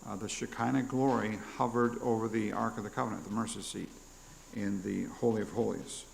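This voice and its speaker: Gravelly-voiced male pastor preaching. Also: fairly low pitch, steady tone, a little fast, a little hiss or hum, low-quality recording. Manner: teaching with questions, acting out quoted prayers. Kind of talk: sermon. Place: church.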